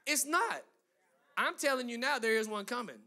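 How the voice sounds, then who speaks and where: A high-pitched man delivering a sermon in a bright, cutting tone. He builds emphatic runs of phrases, then turns to chatty asides aimed at his listeners. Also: lively intonation, normal speed, gravelly. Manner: emphatic preaching with rising, driving lists; conversational asides to the congregation. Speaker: pastor.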